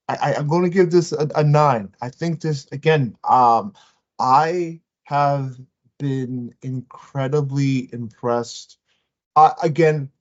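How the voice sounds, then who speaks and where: A man co-hosting a podcast, chatting in an excited, rambling way with many restarts. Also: mid-range voice, highs cut off. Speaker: podcast co-host. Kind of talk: casual review chat.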